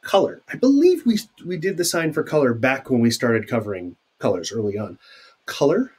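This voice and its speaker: Husky, lively-voiced male teacher. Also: mid-range voice, normal speed. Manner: chatty, explains with asides and fillers. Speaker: sign language teacher. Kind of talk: recorded video lecture.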